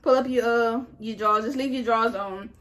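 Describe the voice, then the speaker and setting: A woman's voice: a little high, fairly even intonation, brisk, a bit bright, lightly acted. A woman quoting a blunt, matter-of-fact female jail officer giving instructions. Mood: instructing.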